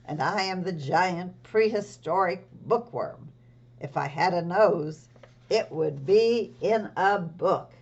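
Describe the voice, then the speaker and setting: A woman voicing a giant friendly prehistoric bookworm in a storybook read-aloud, speaking loudly and slowly. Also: fairly low pitch, dull audio. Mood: proud.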